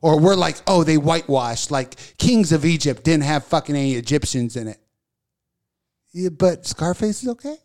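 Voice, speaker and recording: Mouthy male co-host, profane and ranty, slightly high voice. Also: expressive, normal speed, a little mellow. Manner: profane, ranting, laughing. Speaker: podcast co-host. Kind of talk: casual comedic rant.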